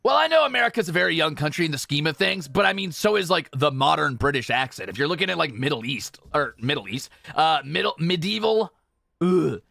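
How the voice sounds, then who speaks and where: Lively, bright-voiced male streamer. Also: fairly high pitch, a little fast, vocal fry, dry recording. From Europe. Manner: chatty, self-correcting, jokey. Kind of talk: casual gameplay stream chatter.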